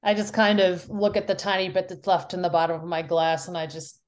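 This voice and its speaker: A woman's voice: lowish voice, fairly even intonation, a little fast. A woman playing a tabletop game, speaking in character in a playful, stammering way. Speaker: player.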